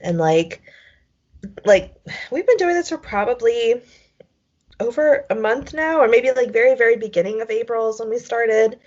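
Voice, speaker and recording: A young woman co-hosts a podcast, rambling through casual chat with constant fillers and offhand swearing. Her voice is fairly high, expressive and darkish in tone at a normal speed, on dull lo-fi podcast audio.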